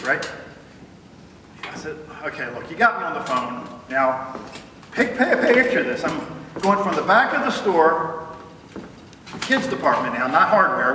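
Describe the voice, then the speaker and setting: A middle-aged man, a guest speaker, telling an animated story to an audience and acting out phone calls. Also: on the high side, a little hiss or hum. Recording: echoey hall, mic far off.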